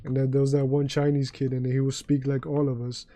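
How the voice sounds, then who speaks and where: A man's voice: mid-range voice, monotone, brisk, dark tone. A man from New York City with a New York accent, chatting casually on a game livestream and telling rambling, profane stories full of restarts. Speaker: streamer.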